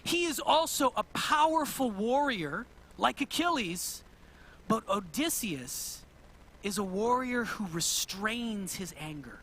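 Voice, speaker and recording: Male pastor, very high voice, bright and forceful, lively storytelling sermon, asks the congregation questions. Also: slow, slight background noise. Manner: animated storytelling, retelling myths to a congregation.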